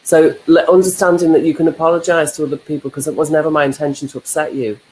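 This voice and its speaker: A woman's voice: low voice, fairly even intonation, fast, darkish tone, slight background noise, low-quality recording. A woman co-hosting a casual live chat, who reflects and explains ideas through examples. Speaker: co-host, life coach.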